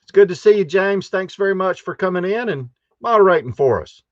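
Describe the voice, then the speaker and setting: A man's voice: high-pitched, expressive, a little fast, no room sound, dull audio. A man hosting a live stream from a campground, chatty and rambling, giggling often as he greets viewers. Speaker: host of a live stream show. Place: campground in Texas.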